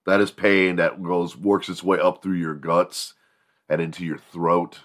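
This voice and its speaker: Low, bright-voiced man telling profane stories. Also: a little slow. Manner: profane, rambling, animated. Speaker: morning show host. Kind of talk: comedic storytelling.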